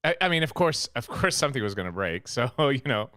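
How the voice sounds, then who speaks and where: A man with a Greek accent co-hosting a casual live stream, his pitch jumping around a lot as he jokes. His voice is smooth and clear, and it sounds dry and close to the mic. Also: quick pace, no echo. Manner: animated, jokey, fussing over the audio. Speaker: co-host.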